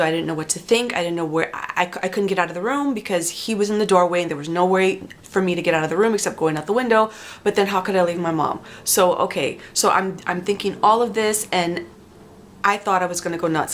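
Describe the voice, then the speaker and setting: A woman telling a dramatic first-person story to the camera, halting often with repeats and restarts. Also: on the low side. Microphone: facing the camera.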